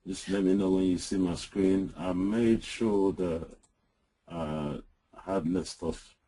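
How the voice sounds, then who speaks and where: A man presenting software in an online webinar, walking through a screen-share demo with frequent "uh"s and "um"s over a computer mic. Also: deep voice, fairly even intonation, slow pace, slight background noise, poor audio. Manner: hesitant, lots of "uh" and "um". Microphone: computer mic on an online call.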